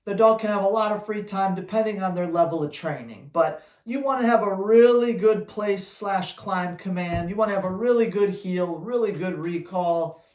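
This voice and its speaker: A man who trains dogs, answering viewer questions on a live Q&A in a blunt, energetic, slangy way. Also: high-pitched, normal speed, reverberant. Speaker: dog trainer.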